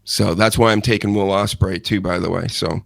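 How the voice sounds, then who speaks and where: A man's voice: low voice, fairly even intonation, a little fast, gravelly, dry recording. A man hosting a casual wrestling chat show, rambling and joking, laughing often. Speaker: podcast host.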